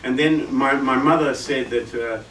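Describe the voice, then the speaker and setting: A man's voice: medium pitch, steady tone, measured pace, fairly bright tone, slight background noise. A man who is a guitarist, giving a workshop in casual teaching talk, chatty, sounding out rhythms with his voice. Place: music shop event room. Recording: roomy room, distant mic, guitar playing.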